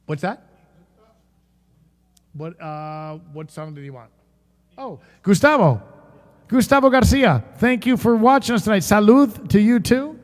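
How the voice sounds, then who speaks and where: Chatty music-stream host, a man with a high voice and a guitar behind him, some hall reverb. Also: animated, unhurried, pauses often. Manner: chatty, joking, greets viewers by name. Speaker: musician and livestream show host. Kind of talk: casual chat with viewers.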